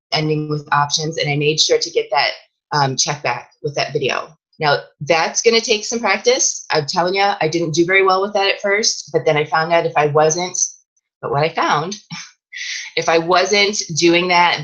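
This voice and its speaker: Female fitness coach, deep-ish voice, casual training talk full of "um" and "you know", slightly lo-fi. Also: a bit bright. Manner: chatty, with many fillers and restarts.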